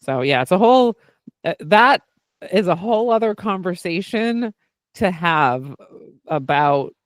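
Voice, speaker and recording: Candid, animated man with a higher voice. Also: unhurried, no room sound, clean studio sound. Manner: candid and animated, swears freely, peppers talk with "like" and "right?". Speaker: podcast host and therapist doing intuitive work. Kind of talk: casual podcast chat.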